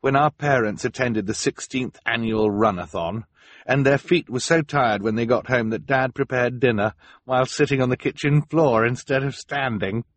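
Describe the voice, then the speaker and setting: A man's voice: medium pitch, moderate pace, no echo, pitched above the performer's own voice, natural voice. A man voicing a resourceful teenage girl inventor, the eldest sister, earnest, practical and encouraging.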